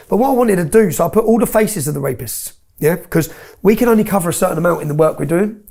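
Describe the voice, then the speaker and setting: A man's voice: high voice, expressive, fast, vocal fry, few pauses, a little mellow. A man tells his story in an interview, bluntly and with swearing, often checking in with "yeah?".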